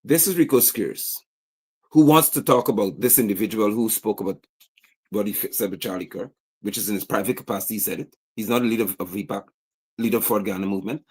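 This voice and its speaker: A man's voice: lowish voice, quick pace, husky. A man giving livestream political commentary, indignantly reading posts aloud and firing off rhetorical questions. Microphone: streaming setup mic.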